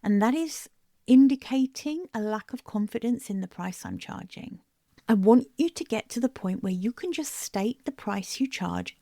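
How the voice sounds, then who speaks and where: Gravelly woman coaching podcast host. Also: a little high, dark tone, no echo, clean studio sound. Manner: direct, emphatic, coaching tone with repeated phrases. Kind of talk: solo podcast monologue.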